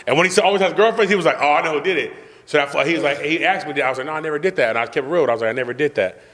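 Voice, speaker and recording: A young man tells a rowdy, swaggering story in heavy street slang. His voice is a little high and his words come out fast. The room has a noticeable reverb tail. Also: a bit bright. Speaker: podcast host telling a story. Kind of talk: casual storytelling chat.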